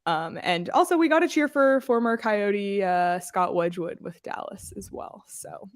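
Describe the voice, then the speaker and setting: Female podcast host, mid-range voice, dry close mic, brisk chatty ad reads. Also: medium pitch, no echo. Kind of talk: casual chat and ad reads.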